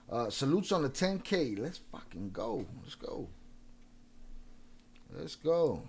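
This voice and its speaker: Profane, combative male stream host. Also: on the high side. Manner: profane and combative, trash-talking trolls; quick shout-outs with filler "uh" and restarts. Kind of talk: casual live-stream chat.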